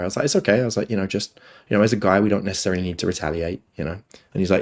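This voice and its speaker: Fast-talking man with a gravelly voice. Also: fairly low pitch, steady tone, darkish tone. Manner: rambling anecdotes, frequent swearing, quoting himself. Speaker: podcast guest, dating coach. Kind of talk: casual storytelling in conversation.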